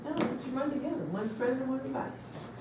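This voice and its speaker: High-voiced man, distant and echoey. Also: animated. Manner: quick brief interjections. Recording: echoey room, distant, loud noise.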